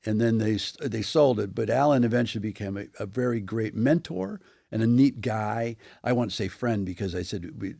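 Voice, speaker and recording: A man in his sixties, a guest telling animated anecdotes in an interview, often restarting his sentences. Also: lowish voice, moderate pace, vocal fry, no room sound, studio quality. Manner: animated storyteller with many restarts. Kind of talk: interview storytelling.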